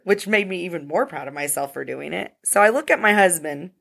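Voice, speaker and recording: A woman's voice: on the low side, fairly quick, vocal fry, fairly bright tone. A woman telling a story in a casual podcast chat, blunt and profane. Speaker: podcast co-host.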